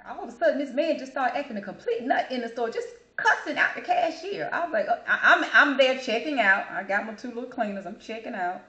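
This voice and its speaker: A woman, hosting her channel and telling a story in a casual, animated way while she acts out the people in it. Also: a little fast, few pauses, lo-fi sound. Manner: animated, acts out quotes with big pitch jumps. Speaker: channel host. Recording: echoey room.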